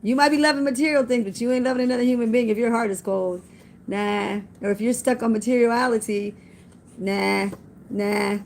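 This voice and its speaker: A middle-aged woman with a high-pitched voice talks about faith in a casual vlog. She speaks in a folksy, preachy way, and she comes back to the same lines again and again to drive them home. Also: sharp tone. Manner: folksy, preachy, repeats phrases for emphasis. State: tearful at times. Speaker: vlogger. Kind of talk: casual spiritual talk with scripture.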